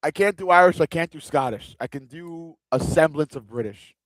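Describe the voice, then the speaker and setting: A man's voice: fairly high pitch, normal speed, dry recording. Chatty man streaming a fight watch-along. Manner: chatty and joking, with loose rambling restarts. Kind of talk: casual live-stream chat.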